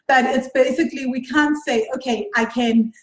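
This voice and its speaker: A woman's voice: high voice, steady tone, normal speed. A woman hosting a podcast as a money coach, talking casually and often checking in with "right?" and self-corrections. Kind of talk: casual solo podcast talk. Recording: roomy echo.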